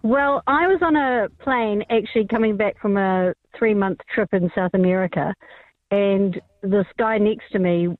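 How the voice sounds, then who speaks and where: A woman's voice: medium pitch, moderate pace, no room sound. New Zealand woman caller on a phone line. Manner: animated storytelling. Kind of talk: telling a story on air.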